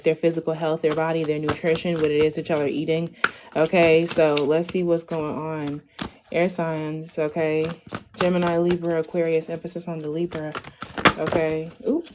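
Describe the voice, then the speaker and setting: A young woman in her twenties hosts a casual tarot reading for her viewers. Her voice sits on the low side, and she talks in a loose, chatty way. She keeps tagging "okay?" and "like" onto her lines. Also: noisy background. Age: 20s. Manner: chatty, ends lines with "okay?", lots of "like" and "y'all". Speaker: tarot reader.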